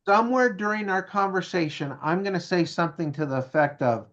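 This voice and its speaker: In a lo-fi recording, a guest speaker with a high, bright voice and brisk delivery recounts a story with lots of energy. He voices the dialogue himself and keeps checking in with "right?" and "okay?".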